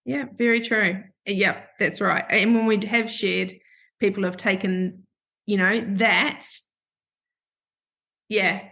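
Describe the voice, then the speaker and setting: A woman's voice: medium pitch, fairly even intonation, takes it slowly, gravelly, long pauses, bright, forceful tone. A woman hosting a podcast, telling a candid personal story in a chatty, emotional way and acting out what people said. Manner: chatty and emotional, acts out quoted voices. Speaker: podcast host.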